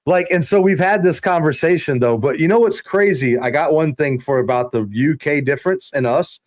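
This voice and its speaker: A man hosting a podcast, telling stories in a loose, profane, animated way. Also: a little high, fairly quick. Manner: animated, swearing storyteller. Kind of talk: casual profane chat.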